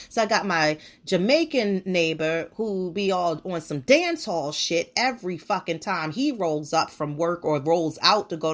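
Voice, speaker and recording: A woman hosts a podcast and talks straight into the mic in a loose, profane monologue. She rants bluntly from one gripe to the next, at a middle pitch for a woman. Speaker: podcast host.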